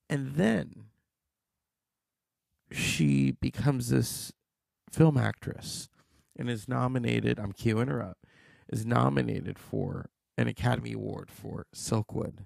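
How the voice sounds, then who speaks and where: A man's voice: mid-range voice, creaky, a little mellow, no room sound. A male podcast host chatting casually and teasing listeners to guess who he means.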